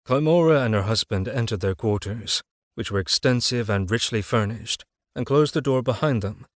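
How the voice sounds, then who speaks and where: A man narrating a dark fantasy audiobook in a measured, dramatic reading. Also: medium pitch, no echo, studio quality.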